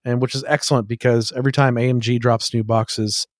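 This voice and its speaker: A man's voice: mid-range voice, level tone, dry recording, clean studio sound. A man hosting a podcast, chatting casually and eagerly. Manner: eager, rapid, enthusiastic talk. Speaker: podcast host.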